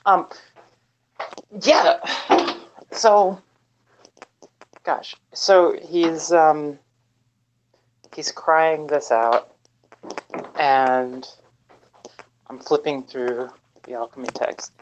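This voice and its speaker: A tabletop player speaking slowly and hesitantly, stumbling over repeated words as they describe their moves. The voice sits at a mid pitch. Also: fairly even intonation, lo-fi sound, slight background noise. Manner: hesitant, stammering restarts. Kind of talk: tabletop game play.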